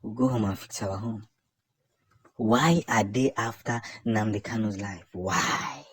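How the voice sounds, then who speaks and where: A man with a Nigerian accent giving impassioned political commentary, emphatic and repetitive, building up to loud declarations. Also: fairly low pitch, steady tone, measured pace, husky, dry recording.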